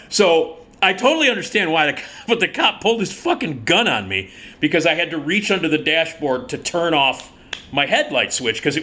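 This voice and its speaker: A middle-aged man casually telling a personal story, animated and swearing freely, acting out the people in it. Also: fairly high pitch. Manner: animated, acts out the cop and himself in quoted voices.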